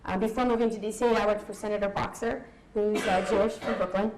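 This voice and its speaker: A woman's voice: mid-range voice, steady tone, quick pace, background noise. A young woman from Southern California giving a candid, emotional personal talk at a conference, with a laugh now and then. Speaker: conference speaker. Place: conference hall. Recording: echoey hall.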